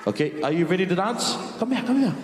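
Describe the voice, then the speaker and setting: A man's voice: sits high, very animated, fast, a little hiss or hum. A man working as MC at a dance show, teasing kids on stage and hyping up the crowd. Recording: echoey hall with music and crowd. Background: music and an audience.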